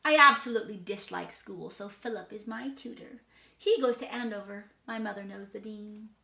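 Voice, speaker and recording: A woman's voice: medium pitch, normal speed, vocal fry, bright, forceful tone. A woman voicing a precocious, mischievous six-year-old girl who lives in a hotel, in a chatty, boastful storybook monologue. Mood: playful. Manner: chatty, boastful, matter-of-fact child monologue. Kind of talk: dramatic reading of a storybook character. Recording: roomy echo.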